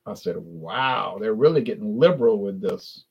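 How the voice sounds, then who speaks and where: A man's voice: fairly low pitch, animated, moderate pace, gravelly, slightly rough, dull audio. A man from South Louisiana with a South Louisiana accent, rambling through a casual live-stream chat about drinks with lots of restarts and self-corrections.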